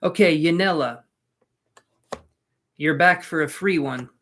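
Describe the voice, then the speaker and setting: A man's voice: on the high side, takes it slowly, fairly bright tone. A man giving live-stream tarot readings, talking casually to his viewers with joking asides. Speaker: tarot reader.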